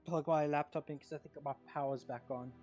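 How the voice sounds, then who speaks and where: A man's voice: fairly high pitch, fairly even intonation, fairly quick, a little mellow, soft background music. A male player in a tabletop game, casual and a bit apologetic.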